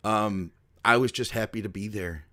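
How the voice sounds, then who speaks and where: A man's voice: on the low side, moderate pace, pushed and bright. A middle-aged man co-hosting a podcast, reminiscing in casual chat and rambling with many filler words. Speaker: podcast co-host.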